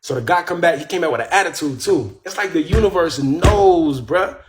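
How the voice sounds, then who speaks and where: A man's voice: fairly high pitch, animated, a little fast, over music. A man casually telling a story on his live stream, profane and laid-back, greeting viewers as he goes. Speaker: live-stream host and rapper.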